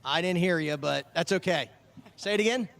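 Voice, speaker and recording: With a fairly high, somewhat bright voice that turns creaky, a man talks at a moderate pace. He's the speedway's track chaplain, passing out ice cream vouchers outdoors and kidding around with kids over the PA while repeating their names.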